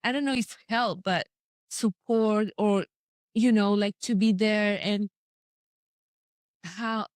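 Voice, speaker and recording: A woman's voice: mid-range voice, steady tone, slow pace, pauses often, no room sound. A woman hosting an interview, asking questions hesitantly as she searches for words. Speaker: podcast host.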